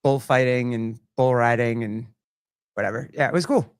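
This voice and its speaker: A man in his thirties, a guest on a casual podcast, laid-back and quick to laugh. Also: medium pitch, clear, resonant tone, no echo, studio quality. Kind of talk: casual chat.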